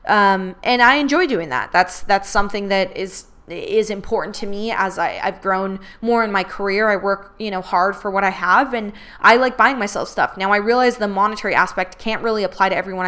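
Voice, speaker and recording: A woman's voice: mid-range voice, a bit bright. A woman talks through a casual podcast episode with a candid, chatty delivery. She scatters fillers through her speech and swears freely, keeping it loose and personal. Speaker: podcast host. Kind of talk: casual chat.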